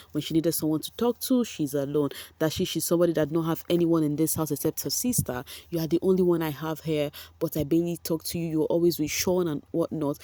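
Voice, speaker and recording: A woman with a Nigerian accent gives a casual, excitable gossip recap for her viewers, often calling out to them as guys. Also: sits low, no echo. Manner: chatty and excitable, keeps addressing viewers as guys. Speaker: reality show recap vlogger.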